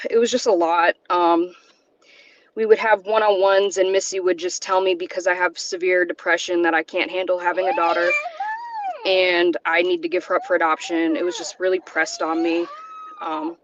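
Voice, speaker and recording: A woman from South Carolina speaking from her car over a call, halting and close to tears, with nervous laughs between her words. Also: fairly low pitch, level tone, dull audio, slight background noise. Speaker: guest. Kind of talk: emotional personal testimony.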